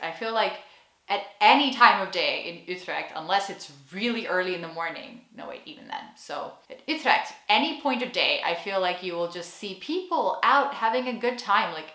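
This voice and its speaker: A young woman from the United States chats to camera in a relaxed vlog, lively and quick to laugh as she acts out little exchanges. Her voice sits at an ordinary middle pitch. The room around her is echoey. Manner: chatty and animated, often laughing and acting out quotes. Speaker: vlogger. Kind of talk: casual talking-to-camera vlog.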